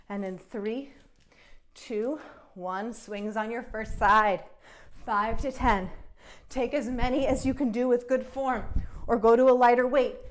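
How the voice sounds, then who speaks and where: Breathless, a young woman coaches viewers through a kettlebell routine as a fitness instructor, counting down the reps and cheering them on. Her voice is a little high.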